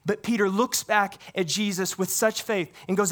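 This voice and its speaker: High-ish voiced preacher guy, lively sermon, talks back and forth with the room. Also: moderate pace, hardly any pauses. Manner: animated preaching, acts out dialogue, asks the congregation questions. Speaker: pastor.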